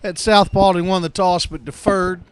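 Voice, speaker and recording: A man doing color commentary at a high school football game, wry and teasing, often stopping to restart. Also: steady tone, normal speed.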